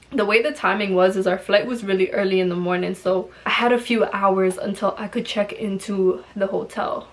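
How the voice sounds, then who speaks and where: A young woman tells a story to her vlog camera. She talks in a chatty, slangy, animated way. Her voice sits in a medium register. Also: mid-range voice. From Toronto, Canada. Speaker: vlogger.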